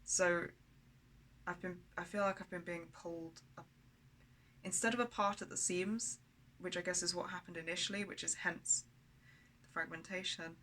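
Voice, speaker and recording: A woman speaks in a personal video diary, blunt and rambling, with lots of swearing. Her voice is lowish and crisp with a tense brightness, and it stays fairly flat in pitch. A faint hum sits behind her. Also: normal speed, pauses often, poor audio. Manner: raw, candid and blunt, with frequent swearing; rambling, with many fillers and restarts. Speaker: vlogger.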